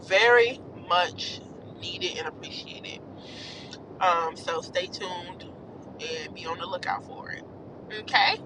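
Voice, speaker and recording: A woman with a lowish voice speaks slowly and pauses often as she vlogs from a moving car. Against a noisy background, she offers viewers a casual devotional talk, rambling yet earnest and encouraging about her faith.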